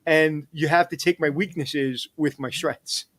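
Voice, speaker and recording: Energetic middle-aged man telling stories. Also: fairly high pitch, unhurried. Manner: energetic, animated storyteller who digresses. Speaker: interview guest, hospitality executive. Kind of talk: casual storytelling interview.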